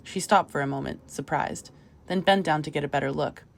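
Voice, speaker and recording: A woman narrating a short story audiobook in a measured, even manner. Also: low-pitched, vocal fry.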